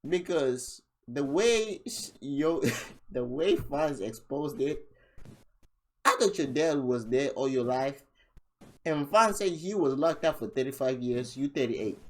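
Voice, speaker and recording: A man recaps a rap battle in casual podcast chat. He tells the story with lots of animation, jumping up in pitch and volume whenever he acts out what others said. His voice sits at a middling pitch. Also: takes it slowly. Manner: animated storytelling, acting out quotes in a raised voice. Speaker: podcast host.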